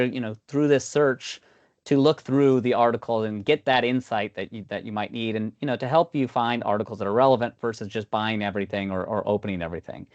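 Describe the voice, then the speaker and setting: A man's voice: mid-range voice, no room sound. Man presenting a demo over video call. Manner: conversational, frequent fillers like "you know" and "um". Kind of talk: online meeting product demo. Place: online video meeting. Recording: dull lo-fi video call audio.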